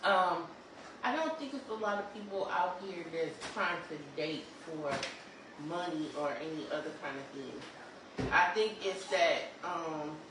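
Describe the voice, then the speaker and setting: A podcast co-host with a mid-range voice, thoughtful and measured, pausing often to think. The voice comes from far off the mic in a very echoey, noisy room. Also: mid-range voice. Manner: thoughtful, measured, hesitant fillers. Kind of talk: casual chat.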